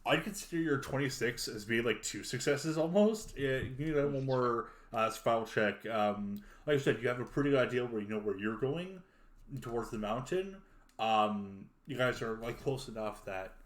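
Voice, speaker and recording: A man's voice: medium pitch, lively intonation, normal speed. A man narrating as game master in a casual way, with frequent fillers and swearing. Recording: roomy echo.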